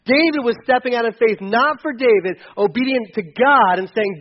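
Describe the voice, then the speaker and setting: Guy preaching, high voice, jokes around and acts out the bible story, kinda dull lo-fi sound. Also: moderate pace, hardly any pauses. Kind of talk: sermon.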